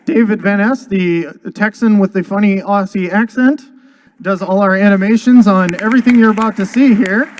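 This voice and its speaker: High-voiced, joking company owner on stage. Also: male voice, normal speed, slight background noise. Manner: joking, heartfelt, rambling. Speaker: pinball company owner presenting a seminar. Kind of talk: casual convention presentation. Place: convention seminar room.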